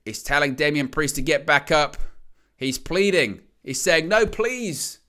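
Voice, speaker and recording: A man's voice: on the high side, unhurried. A man hosting a live wrestling watch-along, calling the action with jokes and laughter. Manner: joking, excitable play-by-play with laughs.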